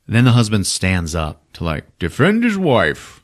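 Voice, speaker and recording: A man's voice: on the low side, unhurried. A man hosting a podcast, recapping a movie casually with lots of swearing and 'like'. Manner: animated, profane, full of 'like'. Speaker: podcast host.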